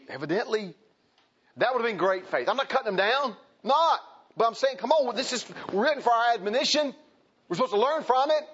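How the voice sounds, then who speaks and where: A man preaching a sermon in an emphatic, animated way, calling out to the congregation. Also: very high-pitched, a little fast, husky, lo-fi sound.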